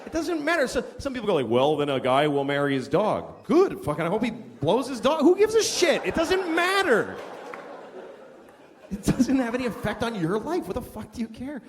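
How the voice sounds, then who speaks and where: A man's voice: extremely high pitch, very animated, moderate pace. A man performing a stand-up comedy routine in an incredulous, profane rant. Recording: reverberant hall with noisy room.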